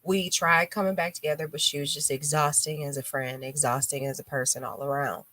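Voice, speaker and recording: A woman's voice: deep voice, fairly even intonation, a little fast, pushed and bright, dry recording. A woman hosting a live radio talk show, chatting bluntly and animatedly, acting out quotes as she tells stories. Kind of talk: casual chat.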